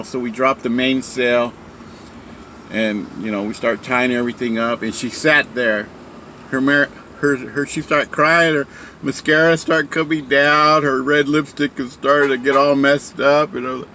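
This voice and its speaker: Man in a casual storytelling talk, rambling delivery, bright tone, faint background hum. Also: medium pitch, steady tone, normal speed. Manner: rambling, many fillers and restarts. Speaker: speaker sharing a story.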